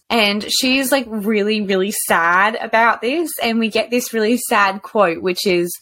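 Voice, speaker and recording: A woman co-host recapping a book in loose, sweary chat, slipping into the characters' lines as she goes. Her pitch is middle of the range. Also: measured pace, hardly any pauses, fairly bright tone. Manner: swears freely, acts out characters while recapping. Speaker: podcast co-host.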